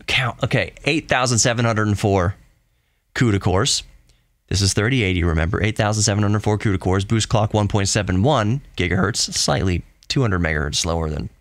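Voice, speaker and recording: Reading out specs on his solo tech podcast, this young adult male host slips in jokey, excitable asides and corrects himself along the way, then wraps up with gentle encouragement. The voice is lowish and the recording dry.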